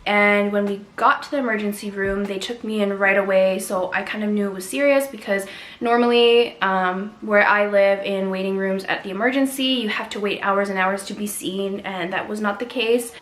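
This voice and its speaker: A young woman from Canada, vlogging to camera and telling her own story in an earnest, candid way with soft pauses. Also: mid-range voice, steady tone. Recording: echoey room with faint music.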